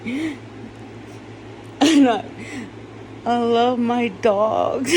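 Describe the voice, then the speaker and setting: Very slow, tearful woman talking. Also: mid-range voice, a little hiss or hum. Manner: rambling, swearing, broken laughter. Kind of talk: emotional personal monologue.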